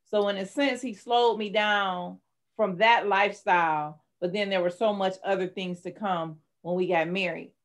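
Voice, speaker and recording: A woman's voice: medium pitch, fairly even intonation, normal speed. A middle-aged woman, a life coach and author, telling her personal story candidly and with strong emotion in an interview. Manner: candid, emotional, dramatic retelling.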